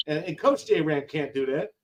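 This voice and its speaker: Older man with grandkids, guest on a talk stream. Emphatic, slangy, lively pitch. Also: normal speed, a little hiss or hum. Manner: heated, emphatic, slangy, repeats lines for effect. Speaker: guest on a live gig-driver talk show. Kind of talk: casual live-stream chat.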